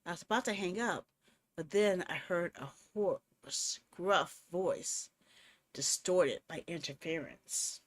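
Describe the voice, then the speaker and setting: A young woman streaming a horror game, commenting casually and reading story text aloud with animated, jokey delivery. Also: on the low side, slow.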